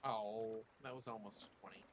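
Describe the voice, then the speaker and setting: A man's voice: fairly low pitch, steady tone, moderate pace, slight background noise. A man playing in a tabletop game, chatting casually and making dry, laid-back remarks. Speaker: player.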